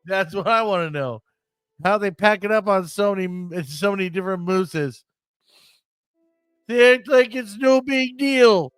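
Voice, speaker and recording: Brief: man hamming up a mock-Canadian storyteller, high and bright, exaggerated folksy delivery. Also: unhurried, clean tone, no room sound, faint music behind. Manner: playful, over-the-top storytelling.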